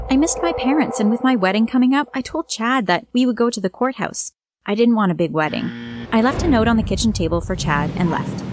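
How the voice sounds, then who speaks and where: A woman's voice: medium pitch, slight background noise. A woman reading a scripted first-person story aloud, voicing all the characters herself.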